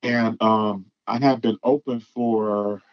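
Halting man telling a story, dull lo-fi sound. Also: lowish voice, steady tone, no echo. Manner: halting, with many ums and restarts. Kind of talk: casual storytelling. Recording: dull lo-fi recording.

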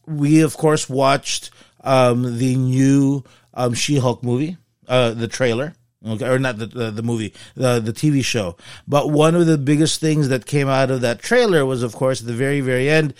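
A man's voice: mid-range voice, measured pace, smooth, dry recording, studio quality. A man hosting a casual pop-culture podcast, talking hesitantly with many fillers but in a playful tone. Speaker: podcast host. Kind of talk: casual chat.

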